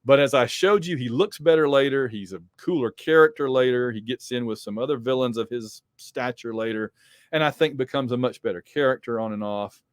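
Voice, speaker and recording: A man's voice: medium pitch, brisk, smooth, dry recording, clean studio sound. A man hosting a podcast, reading comic books aloud with chatty, wry commentary. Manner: chatty, wry asides, many fillers. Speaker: podcast host.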